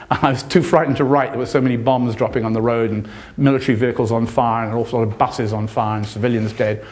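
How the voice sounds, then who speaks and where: An older man with a British accent giving an impassioned, sardonic lecture as a journalist in a university hall. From Britain. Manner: impassioned, sardonic, pitch swings widely when stressing points. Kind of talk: passionate public lecture.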